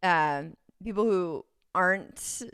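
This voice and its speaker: A woman's voice: on the low side, slow, a bit bright, clean tone, dry recording, studio quality. A woman with a Californian accent, a podcast guest who rambles and giggles through casual chat, full of ums. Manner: rambling, giggly, many fillers.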